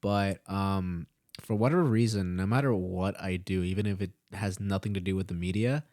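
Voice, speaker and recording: A man's voice: low voice, normal speed, no room sound, studio quality. A man in his early twenties co-hosting a podcast, telling a rambling, swear-heavy story and acting out the quotes. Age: early 20s. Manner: profane, rambling, animated retelling with acted-out quotes. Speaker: podcast co-host. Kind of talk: casual storytelling chat.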